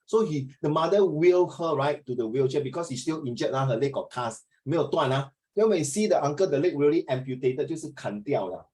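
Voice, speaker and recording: Middle-aged Singaporean male teacher, chatty storyteller with a slightly high voice, video-call lesson. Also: brisk, rough recording. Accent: Singaporean English. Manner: chatty, animated storytelling, mixes in Mandarin. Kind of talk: online class teaching.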